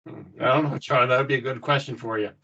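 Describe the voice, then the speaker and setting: A man's voice: medium pitch, steady tone, fast talker, bright, forceful tone. A man co-hosting a podcast, casually chatting about a film and chiming in with short remarks. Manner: brief agreeing interjections. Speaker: podcast co-host. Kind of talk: casual movie chat. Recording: distant muffled mic.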